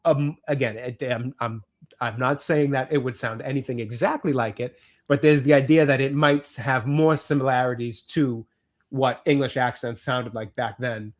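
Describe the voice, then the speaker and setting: A man's voice: medium pitch, steady tone, normal speed. A man with a Boston accent, co-hosting a casual film podcast chat, musing and hedging with many restarts.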